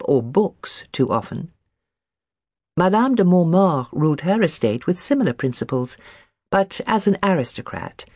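An audiobook narrator reading a novel chapter in an expressive, varied manner. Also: medium pitch, husky, dry recording, clean studio sound.

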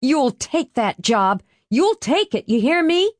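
A woman voicing a furious, worn-out middle-aged working mother who shouts in shrill rage. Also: animated, normal speed, no room sound, studio quality, natural voice. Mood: bitter, furious.

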